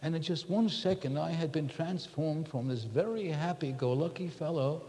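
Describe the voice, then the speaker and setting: A man speaks earnestly to a gathered audience, reflecting on his own failings in a confessional tone. His voice is mellow and relaxed. The sound carries a long hall reverb. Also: fairly high pitch, moderate pace. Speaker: workshop speaker. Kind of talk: personal talk to a live group. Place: large room with an audience.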